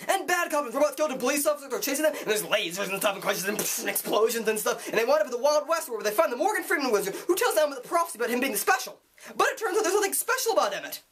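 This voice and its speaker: A young man reviewing a movie, excitable and gushing, with jokey asides. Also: extremely high pitch, very fast. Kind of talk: enthusiastic online movie review.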